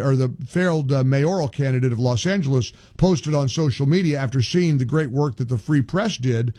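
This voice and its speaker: A man's voice: on the high side, a little mellow, slightly rough, dry recording, clean studio sound. A male talk show host giving indignant, emphatic political commentary, often restarting his sentences.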